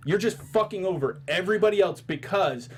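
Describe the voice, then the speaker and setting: A man's voice: high-pitched, lively intonation, brisk, slightly rough. A man hosting a podcast in a studio, ranting in casual chat, swearing and restarting his sentences. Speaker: podcast host.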